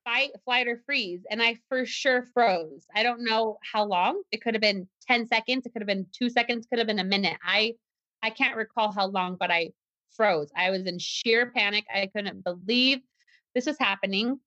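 A woman's voice: on the high side, moderate pace, pushed and bright, no room sound. A woman guest telling a personal story in an interview, earnest and tense, often restarting her sentences. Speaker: guest, self-defense teacher. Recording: slightly dull, muffled recording.

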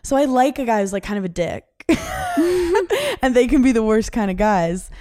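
A woman's voice: a little high, moderate pace, dark tone, no echo, clean studio sound. A woman in her thirties, a podcast guest talking candidly in casual chat, swearing often and full of "like" fillers.

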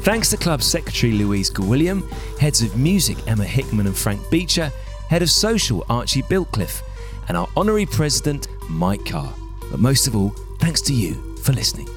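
A man's voice: medium pitch, sing-song, normal speed, soft background music. A man co-hosting a cycling podcast, reading club notices in an upbeat, chatty way. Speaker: podcast co-host. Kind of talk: casual chat.

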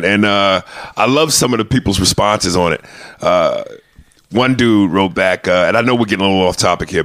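A man's voice: low voice, vocal fry, a bit bright, no room sound, clean studio sound. A male comedian hosting a podcast, chatting casually in a rambling, profane way with many restarts.

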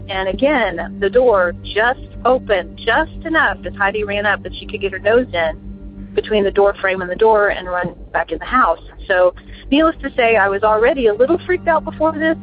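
A woman tells her own ghost story in an earnest, unhurried way, sometimes stopping to correct herself. Her voice sits at a middle pitch and sounds slightly muffled and lo-fi, with soft music underneath. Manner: earnest, unhurried retelling with restarts. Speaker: caller telling a ghost story. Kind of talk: personal storytelling.

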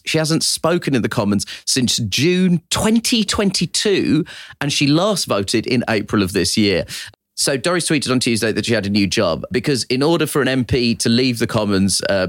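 A man's voice: mid-range voice, no echo. A man co-hosting a podcast, wry and sardonic in casual chat at a studio microphone. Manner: wry, sardonic, lively delivery. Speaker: podcast co-host.

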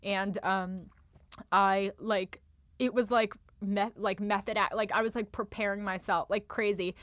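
A woman's voice: mid-range voice, fairly even intonation, measured pace, a bit bright, no echo. Dry, rambling young woman comedian. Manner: rambling, filler-heavy with constant "like". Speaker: stand-up comedian. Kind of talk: casual storytelling chat.

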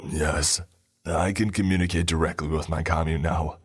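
Brief: man doing a cruel unseen prophet, very deep, cold, mocking, garbled. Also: steady tone, moderate pace, slightly rough, soft background music. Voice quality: garbled, distorted. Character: cold disembodied male cult prophet, cruel, commanding.

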